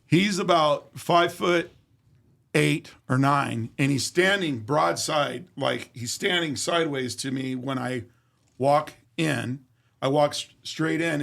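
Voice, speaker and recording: A man's voice: on the high side, gravelly, fairly bright tone. A man being interviewed, telling a story in a vivid, profane way and acting out the dialogue. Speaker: interview guest. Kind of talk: casual storytelling.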